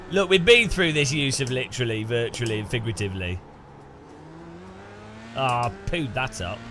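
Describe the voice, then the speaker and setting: He's a British man with a medium-pitched, expressive voice, unhurried and pausing often, streaming a racing game. Music and background noise run beneath his casual commentary as he jokes around and teases his viewers.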